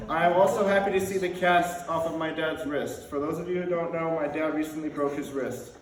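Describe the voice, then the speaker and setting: A man's voice: fairly high pitch, takes it slowly, pauses often, a little hiss or hum. Young man giving a comic wedding toast. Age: 20s. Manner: deadpan joke delivery with laughing asides. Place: wedding reception hall. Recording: roomy hall recording from a distance, loud crowd. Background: wedding guests laughing.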